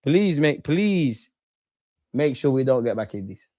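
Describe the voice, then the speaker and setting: Excitable man reacting live. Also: medium pitch, unhurried, no echo, studio quality. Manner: excitable, swears, talks to chat and players. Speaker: football watchalong host. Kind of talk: live match reaction to chat.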